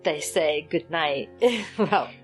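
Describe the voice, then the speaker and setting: A woman's voice: deep voice, lively intonation, slow, breathy edge, faint music behind. A woman co-hosting a podcast, chatting casually as she retells a film and acts out its characters' lines. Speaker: podcast co-host. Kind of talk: casual chat recapping a film.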